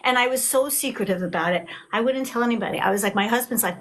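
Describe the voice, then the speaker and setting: A middle-aged woman, talking as an author guest in a casual video chat. She tells her stories with lively acted-out quotes. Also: a little high, fast talker. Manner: animated storyteller, acts out quotes.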